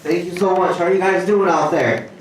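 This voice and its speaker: A man telling corny one-liner jokes at a cafe open mic, with a slightly raised voice. His delivery is casual and halting, with filler pauses. He is heard from far off in a very echoey room with a faint background hum. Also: sits high, fairly even intonation. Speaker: stand-up comedian. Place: small cafe stage.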